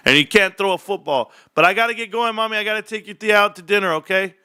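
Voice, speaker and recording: Male livestream host with a high, bright, punchy voice and an excitable, chatty delivery. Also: smooth. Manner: excitable, gives shout-outs to viewers. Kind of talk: casual livestream chat.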